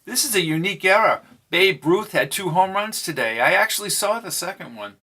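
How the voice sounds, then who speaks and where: A man's voice: high-pitched, expressive, a little fast, sharp tone, slightly rough, pitched above the performer's own voice, full character voice. A man reading an audiobook, voicing a mysterious young woman from the future with a perky, proper, almost British accent. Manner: perky but proper, guarded. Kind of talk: audiobook character voice.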